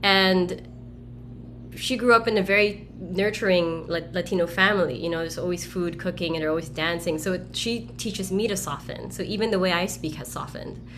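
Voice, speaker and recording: A woman speaking as a roundtable guest on a video call, telling a story in a direct, energetic way. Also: fairly low pitch, moderate pace, slight background noise. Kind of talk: casual group discussion.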